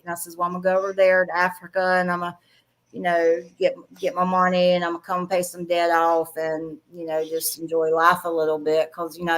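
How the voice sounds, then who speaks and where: A woman's voice: fairly low pitch, a bit bright. Blunt Southern woman telling stories. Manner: blunt, frank, laughs often while telling stories. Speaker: guest. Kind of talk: casual storytelling interview.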